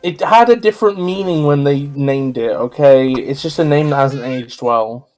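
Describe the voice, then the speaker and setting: A man chatting casually on a gameplay stream at a desk mic, his voice sitting at an ordinary middle pitch. He rambles through opinions, doubling back and correcting himself as he goes, with faint game music underneath. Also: moderate pace, darkish tone. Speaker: streamer co-host.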